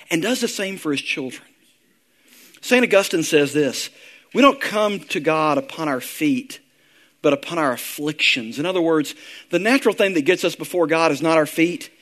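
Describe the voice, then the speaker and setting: A man with a fairly high voice delivers a sermon. He speaks earnestly and slows down to a hushed, tender tone when he reads prayers and verses aloud. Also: very animated. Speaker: pastor.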